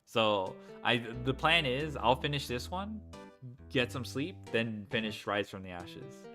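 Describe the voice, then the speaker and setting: Brief: a chatty male streamer, lively up-and-down delivery, loose and profane. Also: mid-range voice, a little slow, soft background music. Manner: chatty, rambling, swears freely. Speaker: streamer playing a game. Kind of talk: casual let's-play commentary.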